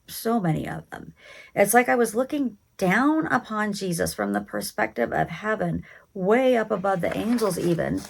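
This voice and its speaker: A woman slowly and reverently recounting a spiritual vision in the present tense. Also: medium pitch, gravelly. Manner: slow, hushed and reverent.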